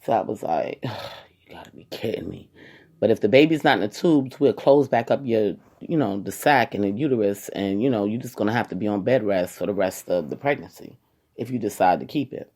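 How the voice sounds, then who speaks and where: A woman talking casually to her viewers, retelling a personal story in a dramatic, animated way with many quoted asides. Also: a bass voice, a little fast. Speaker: vlogger.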